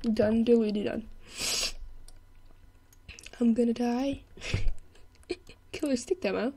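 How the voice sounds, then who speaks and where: Excitable young woman playing a game. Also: a little high, takes it slowly. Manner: excitable, laughing, yelling at the game. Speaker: gameplay commentator. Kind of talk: let's play commentary.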